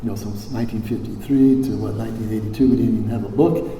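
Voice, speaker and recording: A man's voice: on the low side, fairly even intonation, quick pace, mellow, a little hiss or hum. Rambling older man in an echoey hall. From Hawaii. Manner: rambling, many fillers and restarts, salty language. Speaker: convention speaker. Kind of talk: recovery convention talk. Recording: echoey hall, faint ambience.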